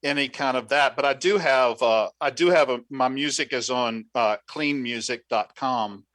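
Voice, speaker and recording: A man's voice: mid-range voice, fairly bright tone, no room sound. A middle-aged man from Southern West Virginia with a drawling accent, a psychologist talking casually as a guest in an interview. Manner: drawn-out vowels, laughs easily.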